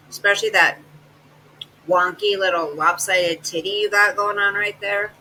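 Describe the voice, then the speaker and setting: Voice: mid-range voice, fairly even intonation, normal speed, sharp tone, slight background noise, rough recording. A host giving scornful, sarcastic reaction commentary between clips.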